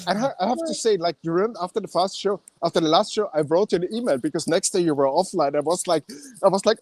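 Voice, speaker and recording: A man's voice: fairly high pitch, expressive, quick pace, few pauses, a little mellow, no echo. A man with an Austrian accent chatting casually on a fan phone-in show, talking with many fillers and restarts. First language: German.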